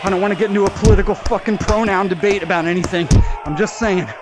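A man ranting profanely and angrily while boxing in a VR game, out of breath from the workout, with shouted outbursts. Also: high voice, steady tone, quick pace. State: out of breath from exercise. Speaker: VR fitness vlogger. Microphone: VR headset mic.

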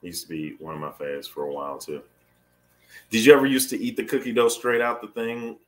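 A man, a teacher, asking questions in a casual chat, playful and quick to laugh. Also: on the low side, steady tone.

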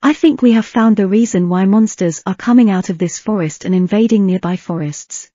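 A woman putting on a poised elven lady who gives orders calmly, mellow and smooth, in an audiobook read in a dry little room, and the recording sounds a bit dull and lo-fi. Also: mid-range voice, fairly quick, dry recording, close to an everyday voice. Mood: grave. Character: poised elven woman guild leader, calm and commanding.

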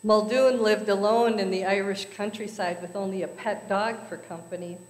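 A woman's voice: medium pitch, steady tone, moderate pace, darkish tone. Woman telling jokes in an echoey church. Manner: storytelling with voices for characters. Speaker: speaker at a church service. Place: church sanctuary.

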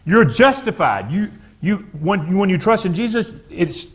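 A pastor delivering a sermon in a church sanctuary. His voice sits a little high for a man. He talks straight to his flock, asks them to repeat phrases back, and stumbles over repeated words as he presses his points. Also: sing-song, unhurried, husky. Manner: preaches with call-and-response to the congregation, repeats words.

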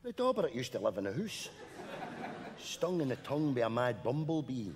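A man's voice: mid-range voice, very animated, fairly quick, big-room sound, background noise. Scottish man telling a spooky tale. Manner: hushed, spooky storytelling. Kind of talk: live sketch comedy.

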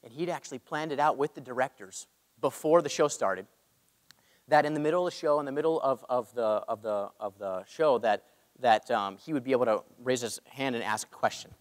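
A man's voice: mid-range voice, brisk. Man preaching in a reverberant hall. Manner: earnest, calls for amens from the crowd. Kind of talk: storytelling sermon. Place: church hall. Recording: long reverb of a large hall.

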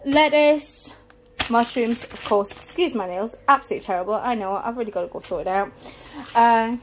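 A mother with a mid-range voice talks fast and a little breathlessly as she goes through each item in her grocery haul. It's a chatty, meandering vlog shot inside the family home, with a slight hiss or hum.

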